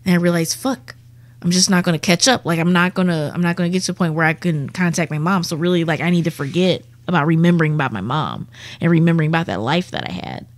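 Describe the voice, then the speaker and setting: A woman's voice: lowish voice, fast talker, no echo. Profane young woman telling a vivid story. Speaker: comedian guest. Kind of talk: casual storytelling.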